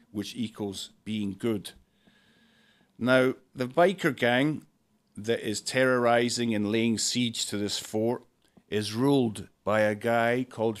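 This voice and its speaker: A man, hosting a podcast and reviewing a film in a dry, sarcastic monologue full of deadpan jokes. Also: medium pitch. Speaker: podcast host.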